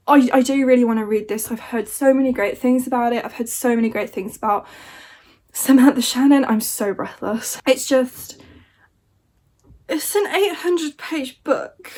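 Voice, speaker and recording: A young woman chatting casually as a book vlogger, swearing freely and joking with exasperated humor. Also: on the high side. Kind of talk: casual chat.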